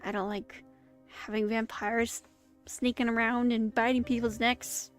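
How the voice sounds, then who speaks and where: A woman hosts a movie watch-along stream from her streaming setup, offering casual live commentary full of rambling asides and self-interruptions. Her voice is fairly high and level, she speaks a little slowly, and faint music plays in the background.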